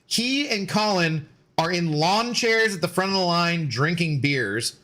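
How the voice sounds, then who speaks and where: A man's voice: high voice, lively intonation, measured pace, bright, forceful tone. A man in his forties streaming a game and rambling through stories in casual chat, loose with fillers and swearing.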